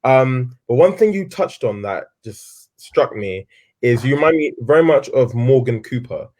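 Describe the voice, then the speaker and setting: A male interviewer with a voice of middling pitch. He asks long, winding questions and fills them with ums and uhs. The tone is casual, conversational talk. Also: animated, a little slow, a little mellow. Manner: hesitant, many fillers.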